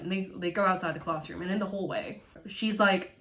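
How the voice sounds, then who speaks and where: A woman casually recapping a film, animated and swearing freely as she acts out the characters' lines. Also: mid-range voice, moderate pace. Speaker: video essayist.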